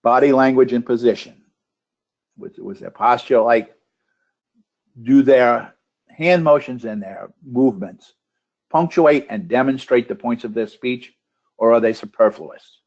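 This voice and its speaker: A man's voice: mid-range voice, a little slow, long pauses, darkish tone, dull audio. A man leading an instructional webinar, asking one checklist question after another, with a few restarts. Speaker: webinar trainer for contest judges. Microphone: computer microphone on a webinar call.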